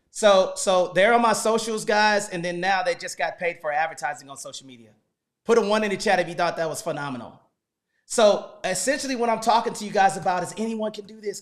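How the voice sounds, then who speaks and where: A man hosting a casual livestream, moving between gently prompting questions and an eager sales-style address to his audience. He keeps checking in with "right?" and "okay?" and calls his viewers "guys.". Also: high-pitched. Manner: prompting, coaxing questions, then hyped direct address with repeated "guys". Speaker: host and parent coaching his kids.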